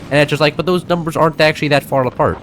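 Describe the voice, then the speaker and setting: A man's voice: on the high side, fairly even intonation, racing, fairly bright tone, a little hiss or hum. A young man from the United States streaming a game, chatting casually with viewers in rambling, filler-heavy talk that keeps restarting itself. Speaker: gaming streamer. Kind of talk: casual live-stream chat while playing.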